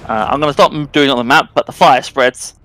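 A man running a tabletop role-playing game, talking through the action at an easy pace and stopping for plenty of ums and uhs. His voice sits at an ordinary middle pitch for a man. Faint music plays underneath. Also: quick pace, poor audio. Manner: relaxed, descriptive narration with frequent fillers. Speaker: game master.

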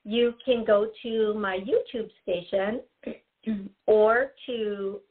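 A woman's voice: medium pitch, steady tone, slow pace. A woman hosting a call-in radio show as a psychic, chatty and given to giggling, repeating her warnings to the caller. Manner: chatty, giggly, gives advice in repetitive warnings. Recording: tinny phone-like audio.

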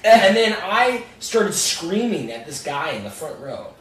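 A man's voice: high voice, big pitch swings, measured pace. A young man telling a rambling, profane story about a gig in a casual chat. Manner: rambling, swearing, laughing storyteller. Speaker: guest songwriter. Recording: roomy, distant mic with faint noise.

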